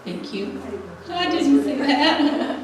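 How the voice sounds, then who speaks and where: A woman's voice: high-pitched, lively intonation, slow pace, a little hiss or hum. A middle-aged woman giving a humorous personal testimony to a church audience, laughing often as she tells her story. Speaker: speaker at a women's church gathering. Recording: echoey hall, mic at a distance.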